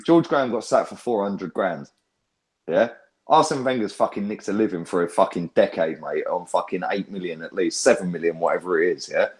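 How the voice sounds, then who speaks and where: A young man, talking in a lowish voice. He hosts a fan chat and rants loudly with heavy swearing. His speech is animated, with frequent tag questions thrown in. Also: a little fast. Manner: loud, sweary, animated ranting. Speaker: fan channel host. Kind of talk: heated casual fan chat.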